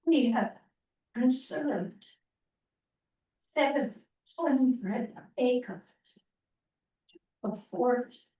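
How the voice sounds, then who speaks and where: A woman presenting to a town planning meeting, speaking slowly with many pauses and ums. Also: fairly high pitch. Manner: slow, halting, many ums. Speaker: open space committee presenter. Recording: roomy, distant, muffled meeting audio.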